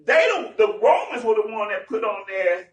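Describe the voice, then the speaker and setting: A high-voiced man teaches scripture to a gathering in an animated, emphatic way, acting out the people in the story. He is heard from off the mic in an echoing room. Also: normal speed, recorded from a distance. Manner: lively, acts out dialogue, slangy and emphatic. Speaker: teacher leading a Bible study. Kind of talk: animated sermon-style Bible teaching. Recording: echoey room, heard from afar.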